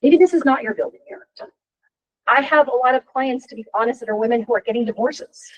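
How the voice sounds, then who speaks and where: A woman's voice: on the high side, a little fast, lo-fi sound. A woman in her fifties coaching a workshop, talking frankly and chattily and often tossing in a rhetorical "right?". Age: 50s. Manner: frank and animated. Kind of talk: workshop talk.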